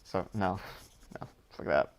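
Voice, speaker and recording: A man with a Dublin Irish accent casually reading out viewer questions on a live stream and answering them with lots of ums and rambling asides. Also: slow pace. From Ireland. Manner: rambling, reads questions aloud then answers with many ums.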